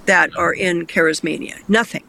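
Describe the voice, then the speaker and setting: A man's voice: fairly high pitch, fairly even intonation, normal speed, creaky, pushed and bright, slight background noise. A man hosting a Christian discussion show, telling Bible stories earnestly and getting emotional.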